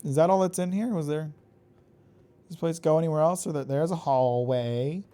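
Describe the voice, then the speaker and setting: A man streaming a video game live, reacting excitably, swearing and taunting the enemies he fights. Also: a little high, normal speed, long pauses, smooth. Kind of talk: live gameplay commentary.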